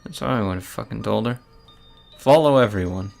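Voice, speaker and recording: A man's voice: fairly low pitch, a little fast, gravelly, a little mellow, faint music behind. A man hosting a let's play, commenting bluntly on a visual novel and swearing freely.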